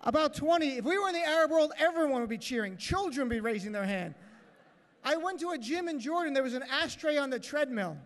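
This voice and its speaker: Guy doing stand-up as emcee, very high voice, big ballroom echo, acts out bits. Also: fast. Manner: joking, animated, acts out characters. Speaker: master of ceremonies. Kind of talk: stand-up comedy routine. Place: large hotel ballroom. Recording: echoey hall.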